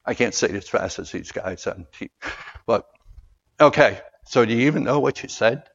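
A man preaching a sermon, calling out for amens and moving between loud, raised lines and quiet, earnest asides. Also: mid-range voice, expressive, moderate pace, creaky, breathy edge. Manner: calls for amens from the congregation. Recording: dull lo-fi sound.

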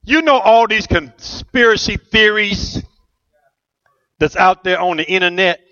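High bright-voiced pastor preaching. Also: male voice, unhurried, muffled recording. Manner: rousing call-and-response preaching, asks the church questions. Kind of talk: sermon. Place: church.

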